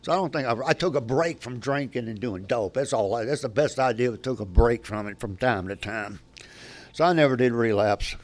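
Older man, candid recovery-meeting speaker, rambling delivery with restarts, mid-pitched voice. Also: normal speed. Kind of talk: personal recovery story.

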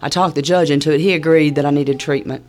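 A woman's voice: low voice, steady tone, fast, a little mellow. A woman with a Southern US accent telling a personal story in a wry, laid-back, humorous way, with a drawl and plenty of fillers. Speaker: speaker sharing a recovery story.

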